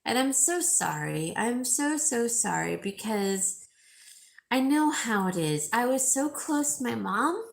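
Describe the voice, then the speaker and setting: A woman chatting with her viewers while crying, her voice gravelly and worn from the tears. She talks very slowly, stopping often and repeating her words. Her voice sits a little high. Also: lively intonation. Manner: tearful, halting, repeats words. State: crying, sore throat. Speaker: jewelry seller live-streaming to viewers. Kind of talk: emotional live stream chat with viewers.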